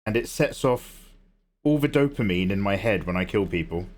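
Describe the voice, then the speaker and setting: A man's voice: lowish voice, expressive, moderate pace, a little mellow. A young man hosting a drawing livestream, chatting casually and rambling between jokes. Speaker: livestream artist host.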